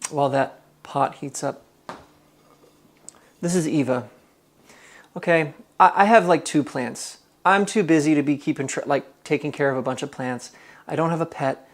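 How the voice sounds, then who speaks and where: A man's voice: on the high side, moderate pace, pauses often. Chatty man hosting a cooking stream. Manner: chatty, reads chat aloud, thinks out loud. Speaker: live-stream cooking host. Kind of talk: casual live-stream chat while cooking. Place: home kitchen.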